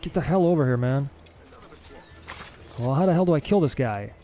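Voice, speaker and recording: A young man giving casual let's-play commentary as a gaming streamer, excitable and easily frustrated. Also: mid-range voice, normal speed. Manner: excitable, frustrated, swears mildly.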